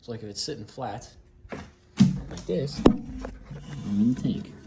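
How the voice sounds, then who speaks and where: A man's voice: mid-range voice, lively intonation, slow. Rambling man on noisy home audio. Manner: rambling, joking, talks to his dogs. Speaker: vlogger. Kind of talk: casual home vlog. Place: home kitchen.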